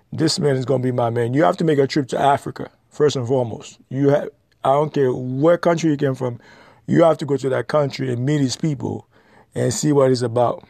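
Gravelly, dark-voiced man lecturing bluntly. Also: medium pitch, no echo, clean studio sound. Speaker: vlogger giving advice. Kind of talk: opinionated monologue to camera.

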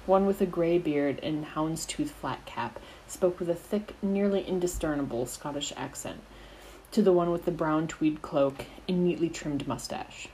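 Storyteller, woman, deep voice, steady reading, faint background hiss. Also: a little slow, poor audio. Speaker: narrator, audiobook reader. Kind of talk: fan fiction audiobook narration.

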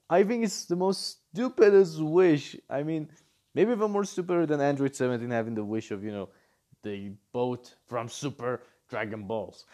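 A man giving casual reaction commentary on a manga chapter, animated and incredulous, firing off rhetorical questions as he rants. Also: mid-range voice, normal speed.

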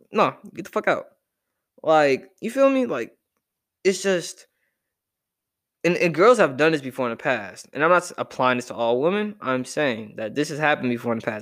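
A young man ranting casually to camera, animated and profane as he reacts to a list. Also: mid-range voice. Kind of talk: casual rant.

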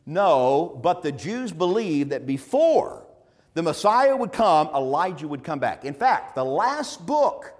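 A man's voice: fairly high pitch, very animated, slow, a little mellow. A man preaching an evening sermon in an earnest, emphatic way, asking rhetorical questions.

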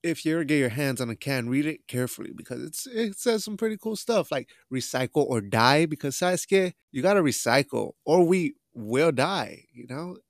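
Animated and on the high side, a young man hosting a casual podcast talks at normal speed with barely a pause. He's loose and rambling, swearing plenty and tossing in Spanish phrases. It's studio-quality audio without echo.

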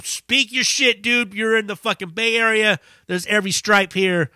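A man hosting a podcast, telling a story in a casual, profane, animated way. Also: high-pitched, normal speed, dry recording, studio quality. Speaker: podcast host.

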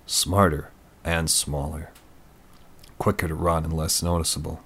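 A man voicing a calm, matter-of-fact male hacker explaining technical things offhandedly. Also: rumbling low, unhurried, husky, exaggerated voice.

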